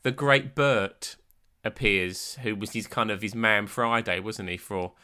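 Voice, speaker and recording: A man's voice: on the low side, a little slow, sharp tone, clean tone. A man co-hosting a podcast, chatting enthusiastically about a documentary. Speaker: podcast co-host. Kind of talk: casual chat reviewing a documentary.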